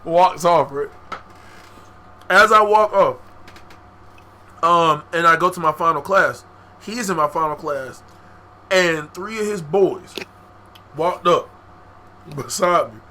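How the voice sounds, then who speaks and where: A young man with a high, very bright voice tells a story on a casual podcast. He talks in an animated way, full of profane slang, and laughs often. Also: takes it slowly, pauses often, slight background noise. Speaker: podcast co-host.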